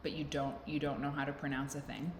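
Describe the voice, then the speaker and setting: Low-pitched female vlogger, rambling and self-mocking, recorded in a reverberant room. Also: flat delivery, quick pace. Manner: rambling, self-deprecating, playful. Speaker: vlog host. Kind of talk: casual chat to camera. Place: indoors at home with a fan blowing. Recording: echoey room with faint noise.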